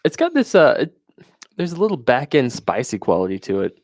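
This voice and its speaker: A man's voice: medium pitch, wildly swooping pitch, fairly quick, no echo, clean studio sound. A man co-hosting a podcast, easygoing and agreeable while chatting about beer. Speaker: podcast co-host. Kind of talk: casual beer review chat.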